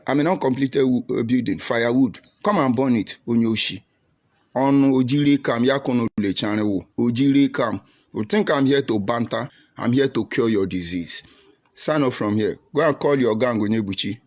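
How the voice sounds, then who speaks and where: A man's voice: medium pitch, normal speed. A man with a Nigerian accent giving preachy, taunting livestream commentary while reading out viewer comments.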